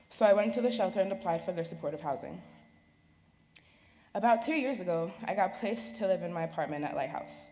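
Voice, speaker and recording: A young woman reading a personal speech at an event, slow and earnest. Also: sits low, a little mellow, slight background noise. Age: young adult. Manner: slow, earnest, halting delivery. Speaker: speaker sharing her story. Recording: reverberant hall with faint ambience.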